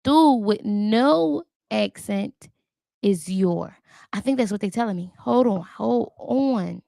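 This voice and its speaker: A language learner vlogger chats casually to viewers while studying, calling them "y'all," thinking aloud, and making careful, halting tries at Spanish words, sounding each out. Her mid-range voice is gravelly with lively intonation, and she speaks very slowly. The sound is close and dry, with no room sound.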